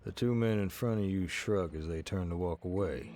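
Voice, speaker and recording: A man giving scripted second-person narration for a game in a measured, even way. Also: low voice, slight background noise, close to an everyday voice.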